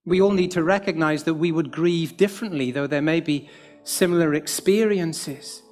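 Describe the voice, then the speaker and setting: Gentle british preacher guy, middle-aged, slightly high voice, pastoral sermon talk. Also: moderate pace, faint music behind. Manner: gentle, pastoral, with a light humorous aside.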